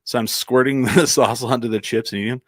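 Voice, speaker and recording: A man's voice: mid-range voice, steady tone, quick pace, no room sound, clean studio sound. A man from Albuquerque telling a casual anecdote on a comedy podcast, rambling with plenty of "like" and restarts. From Albuquerque, New Mexico.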